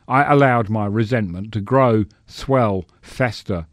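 Low male voice reading a story, dry sardonic tone, dead dry close mic. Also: unhurried, no echo. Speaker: narrator. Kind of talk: scripted narration.

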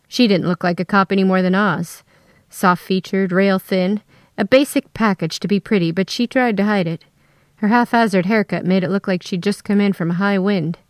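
A woman telling a first-person story in a steady, scripted narration. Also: medium pitch, moderate pace, no room sound, clean studio sound.

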